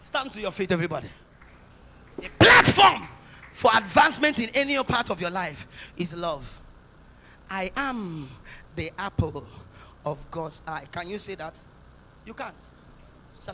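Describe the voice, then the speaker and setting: A man from Nigeria, a pastor preaching a sermon at a church service, swinging between loud exhortations and soft urgent passages, with faint music behind. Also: high voice, animated, measured pace, long pauses, a little hiss or hum.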